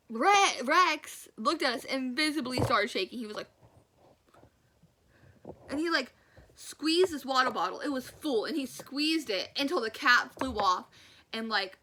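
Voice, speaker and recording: A woman's voice: sits high, pushed and bright, a little hiss or hum, poor audio. A young woman telling a personal story in a casual vlog, acting out the quotes and laughing often. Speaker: storyteller vlogger.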